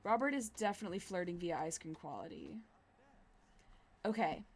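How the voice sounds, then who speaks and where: Giggly, excitable woman streamer. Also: lowish voice, moderate pace, a little hiss or hum. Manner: excitable, giggly, swears casually. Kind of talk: casual gameplay commentary.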